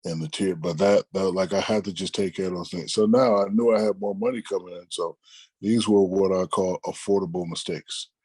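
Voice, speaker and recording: A middle-aged man, an interview guest, telling stories in a relaxed, conversational way and acting out the people he quotes. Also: low-pitched, fairly quick, husky, no echo. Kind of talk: casual storytelling.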